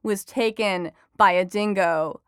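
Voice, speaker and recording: A young adult woman talking on a podcast as a reporter guest, chatty and lively in her asides. Her voice is smooth and clear, at a medium pitch, and the recording is dry and close. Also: dry recording. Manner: chatty and enthusiastic, quick asides with laughter. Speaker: entertainment reporter and author guest. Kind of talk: podcast interview.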